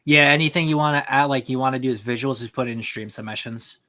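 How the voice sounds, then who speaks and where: A man's voice: medium pitch, quick pace, pushed and bright. A man hosting a livestream over online voice chat, chatting loosely and summing up a fan story with fillers and restarts. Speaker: livestream host.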